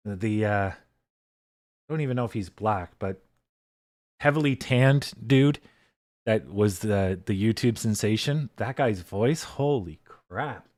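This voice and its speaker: A man hosting a casual livestream, talking in a relaxed, loose way and swearing freely into a desk microphone. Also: lowish voice, slow pace, no room sound, clean studio sound. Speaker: livestream host.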